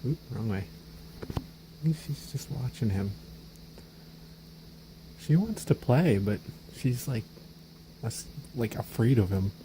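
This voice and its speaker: Man cooing softly at his cats. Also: mid-range voice, lively intonation, takes it slowly, long pauses, noisy background. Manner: soft cooing baby talk to cats, frequent chuckles. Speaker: pet owner filming his cats. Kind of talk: casual talk to pets. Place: home indoors, hallway and living room.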